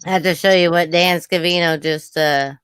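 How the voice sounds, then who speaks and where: A woman co-hosting a casual chat, relaxed and quick to laugh. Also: lowish voice, clear, resonant tone, no echo. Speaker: co-host.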